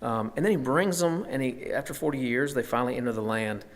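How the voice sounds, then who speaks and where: A man's voice: medium pitch, lively intonation, quick pace. A man leading a Bible study, teaching conversationally and thinking aloud with frequent fillers and restarts.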